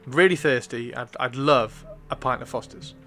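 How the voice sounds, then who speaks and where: A man's voice: mid-range voice, moderate pace, pushed and bright, slight background noise. A man voicing a persistent male snail who stammers and begs for a drink. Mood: pleading. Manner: begging, stammering, insistent.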